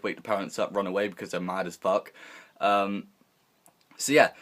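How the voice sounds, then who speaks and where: Young guy rambling through a story. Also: fairly low pitch. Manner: rambling, animated, swears freely, acts out quotes. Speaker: vlogger. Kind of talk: casual storytelling.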